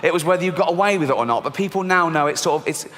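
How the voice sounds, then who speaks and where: A middle-aged man performs stand-up, his voice set slightly high and swinging widely in pitch. He delivers deadpan punchlines to a laughing audience, heard with long reverb in a large live theatre. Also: very fast. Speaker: stand-up comedian. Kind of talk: stand-up comedy routine.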